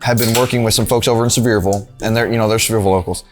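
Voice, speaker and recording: A man's voice: lowish voice, steady tone, racing, faint music behind. A man hosting an interview, chatting enthusiastically with his guest inside a restaurant. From Newport, Tennessee. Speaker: show host. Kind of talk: conversational interview.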